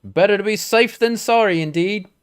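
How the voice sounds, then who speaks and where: A man's voice: high-pitched, normal speed, clean tone, natural voice. A man voicing a stern, formal male military commander with a stately, old-fashioned delivery, reading game dialogue aloud.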